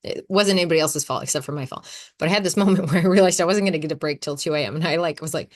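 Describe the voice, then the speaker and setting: A woman in her thirties hosting a casual solo podcast, talking in a chatty, animated way and laughing often. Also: deep voice, very fast. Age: 30s. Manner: chatty, animated, acts out her own quotes. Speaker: podcast host.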